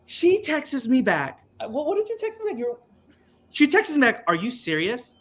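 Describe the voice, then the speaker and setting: A middle-aged man co-hosting a podcast, telling a dating story in casual chat and acting out the quotes. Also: moderate pace. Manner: animated, acts out quotes with swooping pitch. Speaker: podcast co-host.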